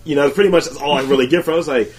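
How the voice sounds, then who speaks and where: A man's voice: a little high, very fast, darkish tone, breathy edge, low-quality recording. A man in casual chat, rambling and swearing heavily as he talks.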